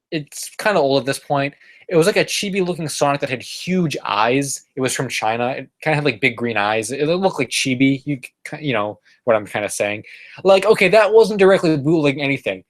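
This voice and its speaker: A man talking off the cuff on a live stream, reading out chat messages and answering them. He rambles along, full of "like" and "um", and often starts a sentence over. His voice sits at an ordinary middle pitch. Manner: rambling, many fillers and restarts. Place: apartment room.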